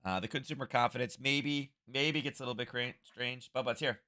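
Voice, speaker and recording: Male stream host, slightly hoarse, casual rambling delivery, close-miked at home. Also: mid-range voice, a little fast, sharp tone. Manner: rambling, thinking aloud, chuckling asides. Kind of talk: casual livestream chat. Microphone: close-up desk microphone.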